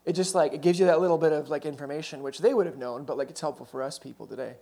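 A man's voice: a little high, rapid-fire, creaky, dark tone. Man preaching in a conversational storytelling way. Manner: conversational storytelling with asides and self-corrections. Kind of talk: sermon.

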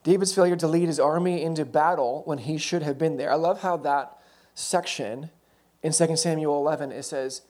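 A man's voice: on the high side, normal speed, few pauses, darkish tone. Man preaching in a conversational storytelling way. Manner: conversational storytelling with asides and self-corrections. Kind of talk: sermon.

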